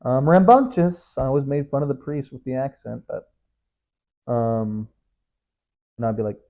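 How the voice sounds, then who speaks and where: A man's voice: medium pitch, expressive, normal speed, pauses often, narrow, tinny audio. A young man hosting his own podcast alone, talking in a rambling, joking, self-mocking way. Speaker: podcast host. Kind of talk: casual solo monologue.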